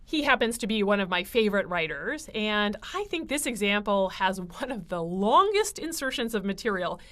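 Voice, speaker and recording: Woman teaching a writing class, bouncy pitch, chatty with lots of uhs. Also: moderate pace. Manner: lively, explanatory, with frequent fillers. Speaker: writing instructor. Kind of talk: lecture.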